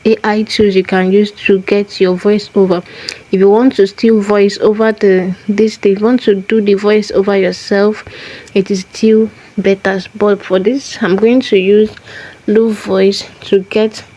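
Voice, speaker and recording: A woman at an ordinary middle pitch talks through a screen-recorded tutorial in a warm, mellow voice. She moves methodically from one step to the next and often repeats key phrases. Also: level tone, measured pace, rough recording. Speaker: tutorial host.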